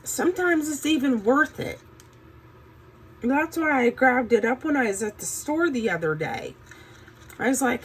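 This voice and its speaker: A woman chats her way through a home craft project at an unhurried, drawn-out pace, her slightly high voice still groggy from just waking up. She talks in a folksy, easygoing way, with plenty of "um"s along the way. A faint hiss of background noise sits under the recording. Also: lively intonation, rough recording. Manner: chatty, folksy, says "um" a lot. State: morning voice, just woke up. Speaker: craft channel host. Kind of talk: casual crafting tutorial.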